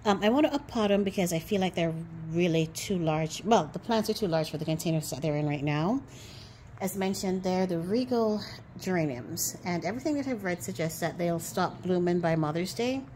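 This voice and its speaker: A woman's voice: on the low side, expressive, a little fast, darkish tone, a little hiss or hum. A woman hosting a gardening vlog outdoors, chatting casually and playfully to the camera, teasing herself. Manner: chatty, playful, self-teasing, calls viewers beautiful people. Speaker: gardening channel host.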